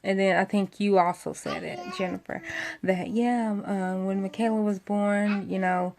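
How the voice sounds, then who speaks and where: Young woman rambling slow through a story to her friend, tons of ums. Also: mid-range voice, fairly even intonation, vocal fry, a little mellow, a little hiss or hum. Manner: rambling, many fillers, acts out quoted voices. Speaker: vlogger telling a friendship story. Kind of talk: casual storytelling addressed to a friend.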